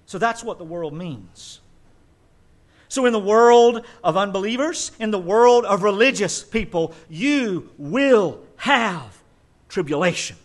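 A man preaching a sermon as pastor, emphatic and conversational, with quick asides. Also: high voice.

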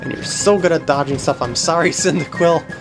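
A low-pitched woman talks fairly quickly as she plays through a video game, giving playful, chatty let's play commentary. She frequently addresses the on-screen characters, with faint game music in the background.

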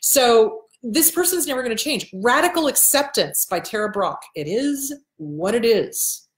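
A woman counselor hosts a casual advice session to camera, answering viewer questions indoors before a backdrop in an echoey room. Her voice is slightly high, animated and a little slow, and she's blunt and emphatic, repeating key points, swearing occasionally, and shifting her voice to act out people she quotes.

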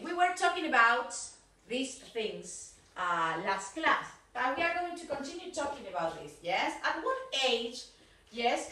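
A woman's voice: high voice, sharp tone. A woman with an Argentine Spanish accent teaching an English class, switching between Spanish and English as she corrects pronunciation. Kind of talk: recorded video class. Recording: roomy, from a distance.

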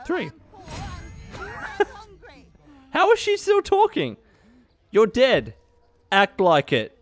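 A young man giving excitable, swearing let's play commentary, laughing often. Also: mid-range voice. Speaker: gaming youtuber.

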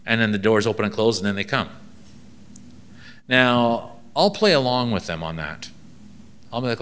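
Bright-voiced man telling a wry story. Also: on the low side, animated, normal speed, pauses often, a little hiss or hum. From Canada. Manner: storytelling, acts out dialogue, dry humor. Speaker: ministry inspector giving a seminar. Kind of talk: seminar talk with anecdotes.

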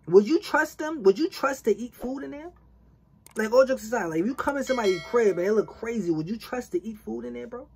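A woman's voice: a little high, lively intonation, brisk, creaky, a little mellow. A woman hosting a reaction video, giving casual, profane commentary full of street slang and acting out imagined back-and-forth dialogue.

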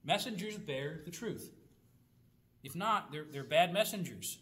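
A man's voice: on the high side, expressive, a little slow, fairly bright tone. A man teaching a Bible study in a conversational way, asking rhetorical questions and reading scripture aloud.

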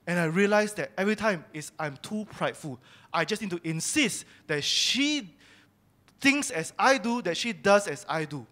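High-voiced man giving candid church testimony. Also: expressive, moderate pace, bright, forceful tone. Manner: candid, confessional storytelling. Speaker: church speaker sharing testimony. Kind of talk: personal testimony sermon.

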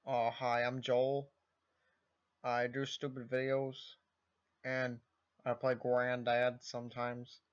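A rambling, self-mocking male streamer, as a man puts him on, who talks slowly and haltingly with plenty of pauses. The sound is dull and lo-fi, like a cheap home recording. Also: mid-range voice, close to an everyday voice. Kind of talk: homemade impression video.

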